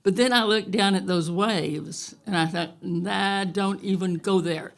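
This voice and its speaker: A woman telling a true story on stage to a live audience, wry and unhurried, often chuckling. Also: mid-range voice.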